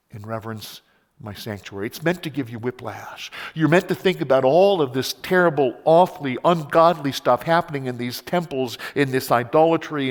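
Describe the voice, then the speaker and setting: A male pastor preaching a sermon, building to fervent runs and then falling to slow, quiet emphasis. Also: medium pitch. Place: church sanctuary. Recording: long reverb of a church hall.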